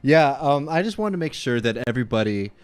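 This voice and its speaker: A man co-hosting a podcast in casual banter, dropping dry, joking quips. His voice sits at a middle pitch. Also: big pitch swings, a little fast, clean tone, dry recording. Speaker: podcast co-host.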